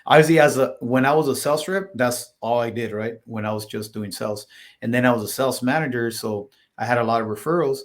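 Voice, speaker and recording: A man speaking at a middle pitch, chatting as a podcast guest. He rambles through his stories with constant "like" and "you know". He jumps into the voices of the people in them as he goes. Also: fast. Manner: acts out quoted dialogue in his stories. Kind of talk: casual storytelling interview.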